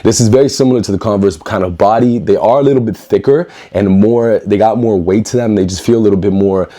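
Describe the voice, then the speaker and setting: Upbeat low-voiced man reviewing sneakers. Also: quick pace, mellow. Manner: upbeat, chatty, repeats words and addresses viewers as guys. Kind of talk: casual unboxing review. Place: indoor room with newly painted walls.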